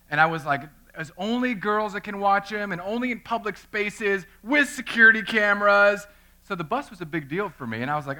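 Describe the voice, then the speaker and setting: Bright-voiced man preaching a sermon. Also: fairly high pitch. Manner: animated storytelling, acting out voices. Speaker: pastor. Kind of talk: sermon with personal story.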